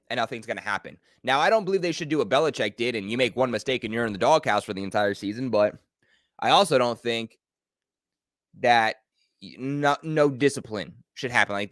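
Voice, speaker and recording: A young man hosting a fan watch party, giving live play-by-play and reactions, calm in his breakdowns and yelling at big plays. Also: mid-range voice, no echo, clean studio sound. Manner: excitable, swings from calm analysis to yelling.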